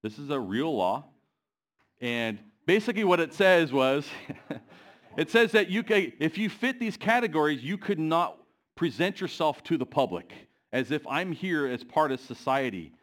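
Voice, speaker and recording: A man delivering a sermon in a church, often pausing to put questions to the congregation. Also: a little high, expressive. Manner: asks the congregation questions, pacing varies. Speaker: preacher.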